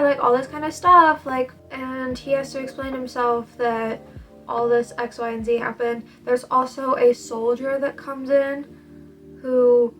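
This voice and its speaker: A tired young woman in a casual book review vlog, talking in an animated, slangy and emphatic way. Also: high-pitched. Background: faint background music.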